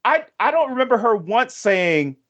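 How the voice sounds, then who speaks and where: A man hosting a podcast, talking casually and rambling a bit, turning animated when he retells what people said. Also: extremely high pitch, normal speed, lo-fi sound. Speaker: podcast host. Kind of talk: casual chat.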